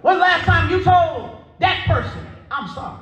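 A man preaching a sermon as pastor, telling a story and building to shouts, with a Southern US accent. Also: extremely high pitch, moderate pace, muffled recording. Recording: echoey church hall.

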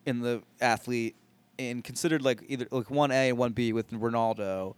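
A man's voice: mid-range voice, fairly even intonation, moderate pace, clean tone. Rambling, joking man on a podcast. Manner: crude joking, rambling with many fillers. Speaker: podcast co-host. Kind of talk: casual chat.

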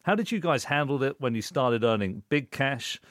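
Lively man with a dry close sound. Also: medium pitch, normal speed, no echo. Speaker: podcast host. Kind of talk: casual chat, asking questions.

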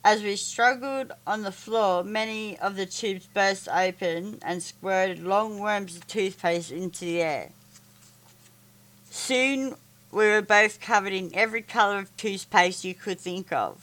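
A woman reading a children's story aloud, halting with stumbles and restarts. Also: mid-range voice, a bit bright.

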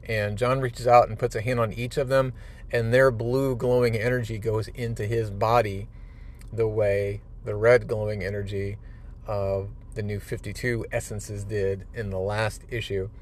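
A man's voice: fairly low pitch, little pitch movement, a little slow. A male podcast host casually recapping a comic book issue, retelling the panels with enthusiasm and a few fillers.

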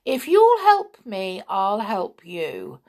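A woman voicing a simple-minded male creature chief who grumbles and sounds slow and puzzled. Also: mid-range voice, wildly swooping pitch, darkish tone, voice pushed up, heavily acted.

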